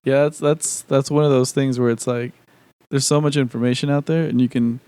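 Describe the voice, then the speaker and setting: A man's voice: medium pitch, steady tone, fairly quick, warm tone, smooth. A man co-hosting a podcast in casual chat, rambling with lots of profanity, fillers and restarts. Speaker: podcast co-host.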